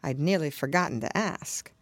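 A woman reading a storybook aloud, voicing a sly grinning cat that talks in slow, teasing riddles. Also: low-pitched, no room sound. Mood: drawling, teasing.

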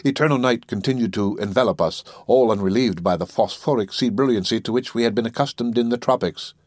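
A man narrating a classic literary story in a measured, solemn storytelling manner. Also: mid-range voice, a little mellow, no room sound, clean studio sound. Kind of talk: audiobook reading of classic literature.

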